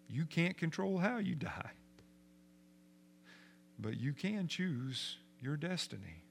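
A man preaching a sermon as pastor in a church, moving from hushed, reflective passages to loud, emphatic declarations. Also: a little high, vocal fry, slight background noise.

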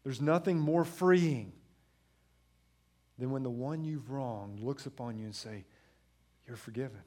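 A pastor in his thirties delivers a sermon at an unhurried pace, shifting from quiet, low passages to loud, emphatic ones. Along the way he acts out dialogue between family members.

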